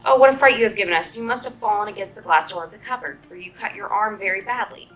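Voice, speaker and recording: A woman's voice: mid-range voice, fast talker, a bit bright, soft background music, lightly acted, rough recording. A woman voicing a fretful storybook mother. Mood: worried. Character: worried, scolding mother.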